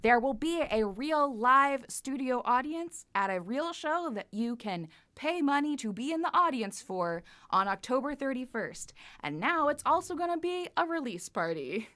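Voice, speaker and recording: Campy high-voiced woman host. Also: big pitch swings, fairly bright tone. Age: 30s. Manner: playful, campy and quick-witted. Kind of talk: theatrical livestream variety show hosting. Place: home studio.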